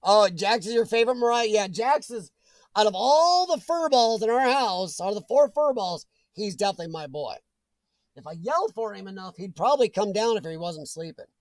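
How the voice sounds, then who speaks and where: A man's voice: sits high, expressive, fairly quick, no room sound. A man hosting a casual livestream, reading viewer comments aloud, joking and laughing often. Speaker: livestream host reading chat. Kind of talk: casual chat.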